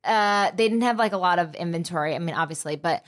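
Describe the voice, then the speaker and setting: A young woman with a fairly low voice co-hosts a podcast. She chats casually and laughs often as she talks. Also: fast talker. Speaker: podcast co-host. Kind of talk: casual chat.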